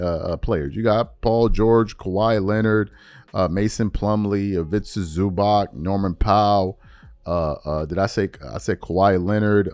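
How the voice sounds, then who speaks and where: A man's voice: fairly low pitch, a little mellow, no room sound. A man hosting a podcast, giving his opinion in casual talk that rambles with many fillers and repeats. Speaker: podcast host.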